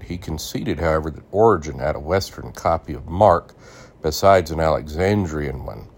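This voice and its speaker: Very deep-voiced man reading aloud. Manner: reads deliberately, stops to explain names and spellings. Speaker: podcast host reading and commenting on a church text.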